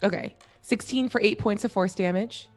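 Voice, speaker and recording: A woman with a mid-range voice calls out her spell attacks and dice rolls in a tabletop game. She sounds upbeat and playful, and soft music plays behind her. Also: mid-range voice, moderate pace. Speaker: player.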